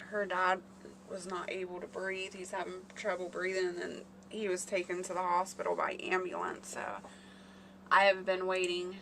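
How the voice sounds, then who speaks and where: A woman's voice: on the low side, noisy background. A woman hosting a casual live stream, rambling and chatting with her viewers by name. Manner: chatty, rambling, talks to chat readers by name.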